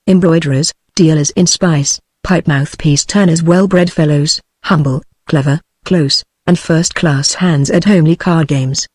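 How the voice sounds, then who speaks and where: A text-to-speech woman's voice with a British English accent, reading an audiobook in an even, unvaried synthetic manner. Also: fairly low pitch, no echo. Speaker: narrator.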